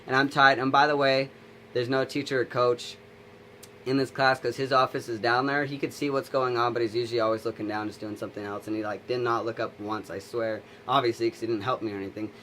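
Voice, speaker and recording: A man's voice: mid-range voice, steady tone, quick pace, sharp tone, slight background noise. A young adult man telling a long story from his school days in a casual vlog, full of fillers and restarts. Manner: rambling, filler-heavy retelling. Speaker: vlogger.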